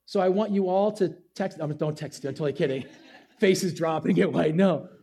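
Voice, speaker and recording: A man's voice: fairly high pitch, normal speed, gravelly, mellow, breathy edge. A man preaching as a pastor, casual and self-deprecating, acting out little asides in a sermon to his church.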